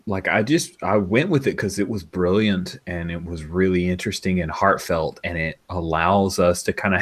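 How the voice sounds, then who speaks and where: Low-voiced man running the game. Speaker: game master. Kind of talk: casual post-game chat.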